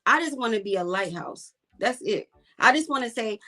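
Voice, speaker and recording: A woman's voice: a little high, lively intonation, moderate pace, pushed and bright, soft background music. A woman guest, a commercial fisherwoman, talking bluntly and emphatically in a casual interview and repeating her points for weight.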